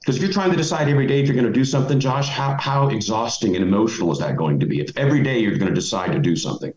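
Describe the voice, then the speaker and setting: A man's voice: mid-range voice, expressive, racing, darkish tone. Emphatic man in a roomy lo-fi call. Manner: emphatic, folksy storytelling. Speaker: podcast guest. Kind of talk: motivational podcast talk. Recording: roomy, dull lo-fi audio.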